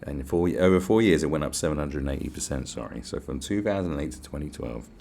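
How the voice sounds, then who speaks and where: A man's voice: rumbling low, animated, quick pace, vocal fry, mellow, a little hiss or hum. A man with a British accent hosting a podcast, ranting in a casual, profane, sarcastic way. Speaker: podcast host.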